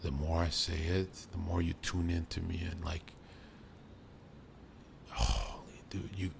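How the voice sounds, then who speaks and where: A young man streaming live, boastful and profane, jumping between loud bursts and low mutters. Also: level tone, slow, gravelly, background noise. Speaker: livestreamer.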